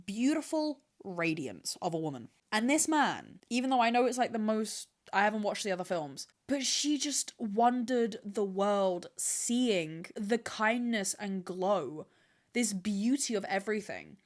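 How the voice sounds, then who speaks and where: Profane, dramatic young woman podcaster. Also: medium pitch. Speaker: podcast host. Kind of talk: casual storytelling monologue. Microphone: camera with mic, talking to camera.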